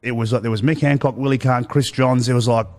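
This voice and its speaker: Aussie bloke yarning quick, says mate heaps, acts out what people said. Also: male voice, medium pitch. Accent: Australian. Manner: animated, says "mate" a lot, acts out quotes. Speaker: guest. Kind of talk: casual storytelling chat.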